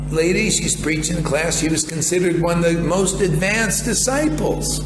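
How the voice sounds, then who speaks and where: A man in his later years giving a rambling, blunt devotional sermon and saying "man" often. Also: a little high. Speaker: spiritual teacher. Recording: echoey hall with faint noise.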